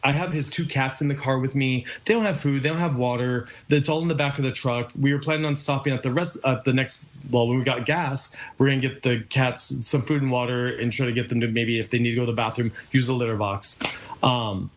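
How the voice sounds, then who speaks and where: Guy being interviewed, rambly, lots of um and i'm like, normal pitch. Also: fairly even intonation, brisk. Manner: rambling, many fillers and quoted asides. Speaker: interview guest. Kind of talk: telling a personal story in an interview.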